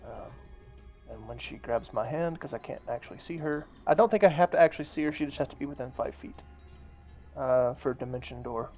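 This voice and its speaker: A man's voice: mid-range voice, a little fast, darkish tone, faint music behind. A man playing an online tabletop game, talking through his moves aloud with many fillers and restarts. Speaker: player.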